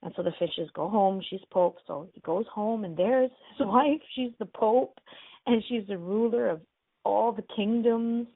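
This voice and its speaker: A woman's voice: medium pitch, measured pace, slightly rough, no echo. A woman radio host casually retelling a fairy tale in a chatty way, full of "like" and "you know", over a tinny phone-like line.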